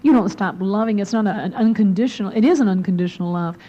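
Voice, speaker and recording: Soft-spoken earnest woman giving a devotional talk. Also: medium pitch, fast, highs cut off. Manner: earnest, drops to a soft near-whisper for emphasis. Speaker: women's conference speaker.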